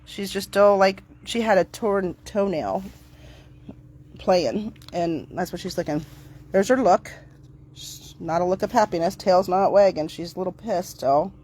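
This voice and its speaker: A middle-aged woman talking casually to camera outdoors on her property, chatty and upbeat, switching to a bright cheery voice when she greets her dogs. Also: on the low side, a little slow, husky. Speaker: dog owner vlogger.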